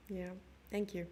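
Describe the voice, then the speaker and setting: A woman's voice: medium pitch, mellow, slight background noise. A young South African woman commentating a chess stream live and chatting with her viewers in a giggly, casual way. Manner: chatty, giggly, reads chat messages aloud.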